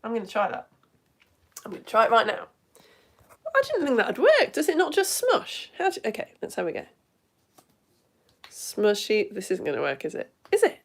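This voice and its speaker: Excitable woman chatting on a live stream. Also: fairly high pitch, moderate pace, gravelly, long pauses. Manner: chatty, excitable, laughs often. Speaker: educator reading live comments. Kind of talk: casual live-stream chat.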